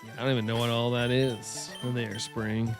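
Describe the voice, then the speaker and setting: A talkative man from the American South, speaking with a light Southern accent as he hosts a live stream. He is upbeat, laughs often and greets his chat by name, at a middling pitch, with faint music underneath. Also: little pitch movement, moderate pace. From Southern United States.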